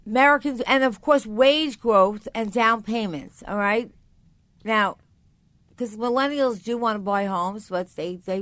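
A woman's voice: medium pitch, dry recording. An older woman hosting a radio talk show, chatty and rambling, often correcting herself mid-sentence. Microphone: studio mic.

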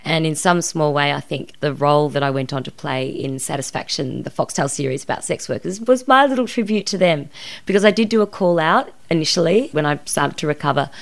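A woman's voice: low voice, a little fast, gravelly. An Australian woman in her forties, a guest telling a personal story openly and reflectively in a podcast interview. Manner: earnest and reflective, recounting emotional events openly. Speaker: guest, actress.

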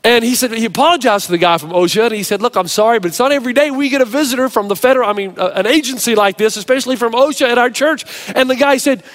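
A man pastor preaching a sermon, telling stories with an animated, varied delivery. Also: extremely high pitch, rapid-fire, few pauses.

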